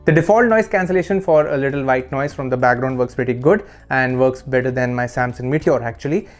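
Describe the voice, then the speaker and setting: A man's voice: medium pitch, fairly quick, soft background music. A man reviewing a desk microphone he is testing, explaining casually with playful asides. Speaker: tech reviewer. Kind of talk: product review narration. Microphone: desk condenser microphone under test.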